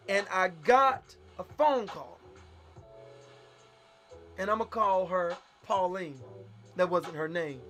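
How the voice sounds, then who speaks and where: Pastor man preaching a story, goes loud then quiet, soft music behind. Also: high-pitched. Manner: animated, swinging from loud to hushed. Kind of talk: storytelling sermon.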